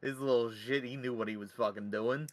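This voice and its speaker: A man hosting a casual podcast over a call, sarcastic and deadpan, swearing freely. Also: mid-range voice, fairly quick. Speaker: podcast host. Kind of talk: casual chat.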